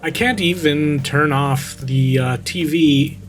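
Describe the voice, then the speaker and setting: A man's voice: a little high, takes it slowly, faint music behind. A man reading a creepypasta aloud and breaking off to mock it with sarcastic commentary, close to the mic. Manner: sarcastic, interrupts the story to make fun of it.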